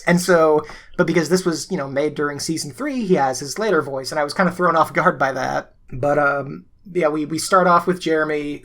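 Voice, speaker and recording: Chatty podcast co-host, mid-pitched voice. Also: a bit bright. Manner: chatty, many fillers and laughs. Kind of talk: casual podcast discussion.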